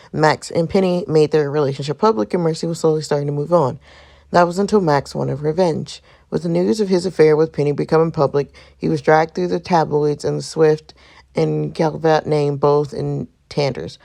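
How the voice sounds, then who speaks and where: A woman reading a game's narration as a devoted, protective young man, in an earnest storytelling way with a gravelly texture. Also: low voice, dark tone. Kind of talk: reading game narration aloud.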